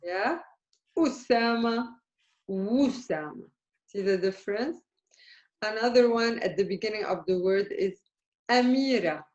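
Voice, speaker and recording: A woman's voice: medium pitch, normal speed, a little mellow, highs cut off. A woman teaching a beginner Arabic lesson, patiently checking that her students follow. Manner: patient, questioning, checks understanding often. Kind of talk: live beginner language lesson. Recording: echoey room.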